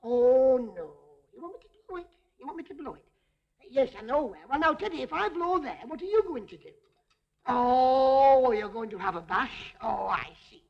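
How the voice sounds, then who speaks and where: A woman's voice: fairly high pitch, big pitch swings, fairly quick, creaky, husky, muffled recording. A woman entertainer performing a comic stage routine, chatting to a teddy bear and fussing over it, coaxing and laughing as she goes.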